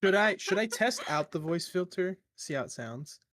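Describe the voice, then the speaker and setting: A man's voice: high voice, lively intonation, moderate pace, a bit bright, no room sound, studio quality. A man playing in a tabletop game over voice chat, laid-back and offhand. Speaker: tabletop player.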